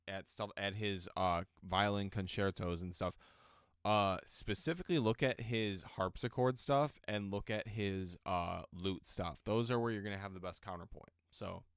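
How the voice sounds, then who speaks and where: A young man rambles through a casual livestream chat, his voice low-pitched and smooth even as it wears thin. He talks through guitar gear and music theory with plenty of ums and "okay?" check-ins. The sound is close and dry. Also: no echo. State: voice getting worn out. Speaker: livestream host.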